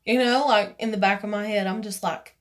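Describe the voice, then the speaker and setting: A woman's voice: mid-range voice, steady tone, a little fast. A woman, casually telling a personal story in a rambling vlog, full of "you know" and "like", acting out what others said. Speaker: vlogger.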